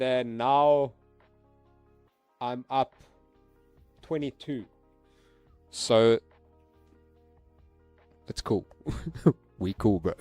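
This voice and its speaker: A man chatting casually to his viewers during a live stream, excitable and laughing, swearing freely and using street slang. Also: medium pitch, smooth, dry recording. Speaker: livestreaming forex trader.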